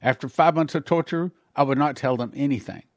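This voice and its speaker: A man's voice: medium pitch, fairly quick, darkish tone, no room sound, clean studio sound. A man giving an earnest spoken testimony in a sermon, telling his story plainly with small slips and acting out the voices of others. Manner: acts out dialogue with shifting voices.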